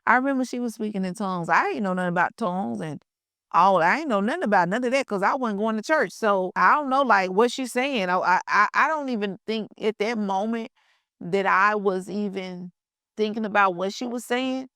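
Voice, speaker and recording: A woman telling her own story in a relaxed, chatty way, speaking to her listeners as y'all. Her voice is smooth and resonant, with a mid-range pitch. The sound is dry and close, with no room echo. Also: brisk. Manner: conversational, addresses listeners as y'all, colloquial grammar. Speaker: podcast host sharing her testimony. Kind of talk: casual personal storytelling.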